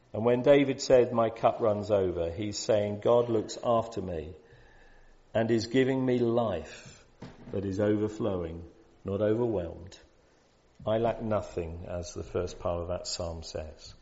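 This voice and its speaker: Man preaching, mellow and lo-fi. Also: on the low side, measured pace. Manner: conversational, rises to loud emphatic peaks. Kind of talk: sermon. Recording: dull lo-fi sound.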